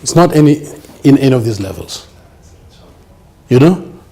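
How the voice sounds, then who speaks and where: A man's voice: medium pitch, animated, moderate pace, gravelly, dark tone. A man giving an emphatic business seminar lecture, often checking that the audience understands. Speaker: business speaker.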